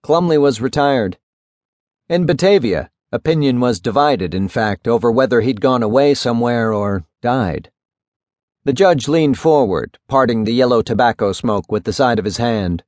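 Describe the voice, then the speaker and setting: Guy reading a literary audiobook, steady and measured, mid pitch, dry close mic. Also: dry recording. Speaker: audiobook narrator.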